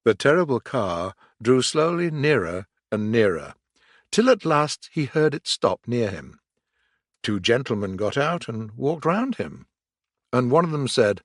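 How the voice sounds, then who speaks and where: A man reads a children's story aloud at a very slow, careful pace. His pitch rises and falls in a lively way, with a slightly raised voice. The recording is close and dry. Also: no room sound. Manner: slow, deliberate reading for learners. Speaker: audiobook narrator. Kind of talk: scripted storybook narration.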